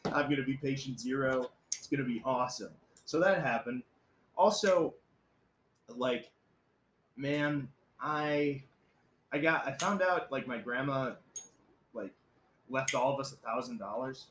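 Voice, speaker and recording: A man's voice: medium pitch, a bit bright. A young man co-hosting a podcast, telling rambling stories in casual crude chat, swearing a lot and laughing. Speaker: podcast co-host. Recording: echoey room with faint background noise.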